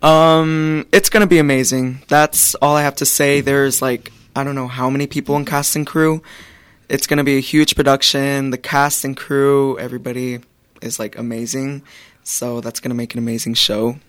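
A teenage boy gives a brief, hesitant answer and pads it with fillers. His voice is smooth and clear, and the recording is dry. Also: mid-range voice, flat delivery, normal speed, fairly bright tone, no room sound. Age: teens. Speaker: high school theater student guest. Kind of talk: casual interview chat.

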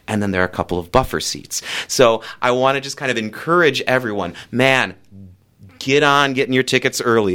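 Picture a man in a radio interview, promoting his theater season with plenty of eager energy. His voice leaps up and down in pitch as he gets excited, with the odd filler and restart. He sounds like a musical theater director talking about his shows. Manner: enthusiastic, animated, big pitch swings.

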